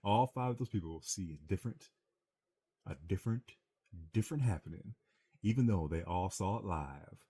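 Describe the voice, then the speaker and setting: A man co-hosting a casual podcast, animated and bantering, acting out movie lines with big swings in his voice. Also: low-pitched, normal speed, breathy edge. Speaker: podcast co-host.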